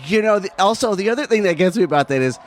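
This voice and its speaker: Lively, chatty male podcast host. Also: high voice, racing. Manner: chatty, laughs easily, asks questions. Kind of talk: casual chat.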